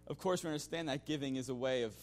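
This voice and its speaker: A man's voice: medium pitch, very fast, a little mellow, soft background music. Conversational man giving a church testimony. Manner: conversational, full of "you know" fillers and restarts; chuckles now and then. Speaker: church member giving a mission-trip testimony. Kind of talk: spoken testimony to a congregation.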